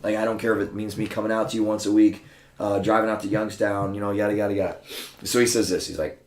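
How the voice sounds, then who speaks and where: A man with a low voice, appearing as a guest on a podcast, tells casual anecdotes at a quick pace. He runs a martial arts school, swears freely, and animatedly acts out other people's lines. The room around him is roomy and echoey.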